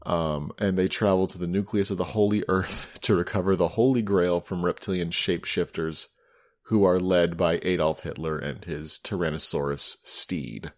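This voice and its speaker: A man's voice: low-pitched, steady tone, moderate pace, no room sound, clean studio sound. A man co-hosting a podcast, rambling and laughing as he sums up a movie plot. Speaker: podcast co-host. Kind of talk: casual movie-review chat.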